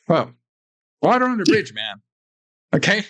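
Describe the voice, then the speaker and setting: A man's voice: sits high, sing-song, moderate pace, fairly bright tone, voice pushed up. A man voicing a flustered, dismissive male boss who brushes off blame in a mocking, slangy way. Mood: mock soothing.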